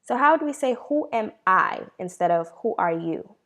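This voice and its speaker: A woman teaching a beginner Hebrew lesson, asking questions, pausing, then answering them herself with praise and slowing down to model each word. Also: medium pitch, animated, a bit bright. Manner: slows down to model words.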